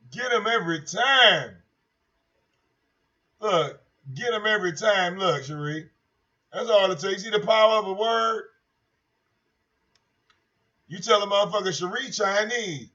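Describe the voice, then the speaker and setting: A high-voiced man holds forth on his own livestream in a brash, profane and mocking way, circling back over the same points. His voice comes through dull, lo-fi stream audio. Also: lively intonation, unhurried, pauses often, pushed and bright. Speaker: livestream host. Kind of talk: casual livestream rant.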